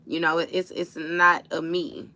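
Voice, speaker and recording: A woman giving a live tarot reading, talking bluntly and profanely in a streetwise, animated storytelling way, recorded on a phone or webcam at home. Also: low voice, measured pace. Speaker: tarot reader. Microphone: phone or webcam for a livestream.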